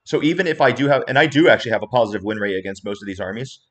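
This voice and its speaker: An animated male host chats on a casual livestream. He explains things with easy confidence and laughs often, with a mid-range, everyday voice. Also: mid-range voice, racing. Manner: animated, chatty, laughs easily. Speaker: host and coach.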